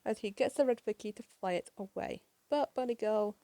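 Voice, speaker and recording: Tired, gravelly woman reviewing a comic. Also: fairly high pitch, warm tone, no echo. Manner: rushed, apologetic, swears often. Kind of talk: casual late-night comic review.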